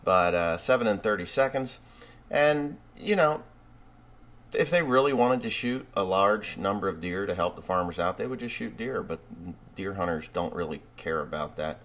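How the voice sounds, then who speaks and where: A man's voice: low voice, normal speed, fairly bright tone, slight background noise. A middle-aged male farmer talking in a casual vlog, blunt and wry, with some swearing.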